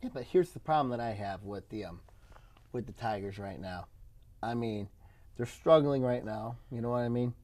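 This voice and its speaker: A man's voice: mid-range voice, normal speed, a little mellow. A man arguing about baseball in a casual talk show, rambling with fillers. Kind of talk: casual sports debate.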